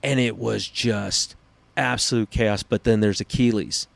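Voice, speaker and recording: Profane, animated male podcast host. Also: lowish voice, a little slow, vocal fry, no echo. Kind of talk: casual chat.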